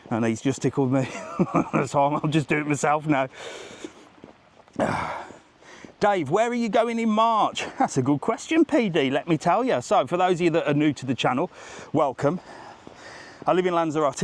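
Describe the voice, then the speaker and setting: A travel vlogger in his forties, with a mid-range voice, hosts a casual live stream as he walks a seaside promenade outdoors. He speaks in a chatty, rambling, jokey style.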